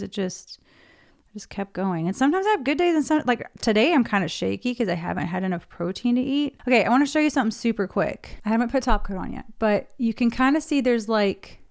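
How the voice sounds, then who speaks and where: A woman in her thirties gives a casual nail-painting tutorial at home, narrating every step into a desk mic. She speaks fairly quickly with an expressive, high-leaning voice and vocal fry.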